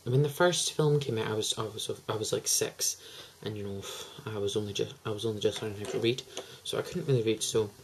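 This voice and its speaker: A man's voice: lowish voice, brisk, few pauses, slight background noise, rough recording. A teenage boy, chatting to camera in a hyper, gushing, rambling way. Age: teens. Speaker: vlogger. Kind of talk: casual chat to camera.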